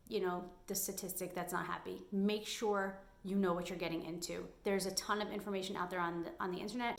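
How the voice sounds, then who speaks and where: A woman's voice: medium pitch, roomy sound. A young adult woman giving candid, emphatic advice in a personal vlog. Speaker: vlogger.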